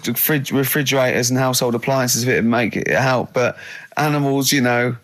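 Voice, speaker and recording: A man's voice: mid-range voice, steady tone, a little fast, fairly bright tone. A man hosting a radio show in a studio, chatting casually and rambling through his thoughts with frequent laughter. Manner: rambling, laughs often, pleased with himself.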